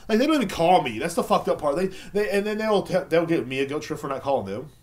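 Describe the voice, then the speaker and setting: A man hosts a casual beer podcast and rambles through a profane, sarcastic story. His pitch jumps up and down constantly, with sudden high squeaks whenever he mimics other people. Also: lively intonation, fast talker, darkish tone. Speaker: podcast host.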